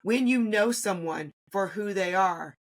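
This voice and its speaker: A woman's voice: medium pitch, measured pace. A woman with a mid-range voice interviews a guest. She responds reflectively, thinking aloud and restarting her phrases as she goes. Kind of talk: conversational interview.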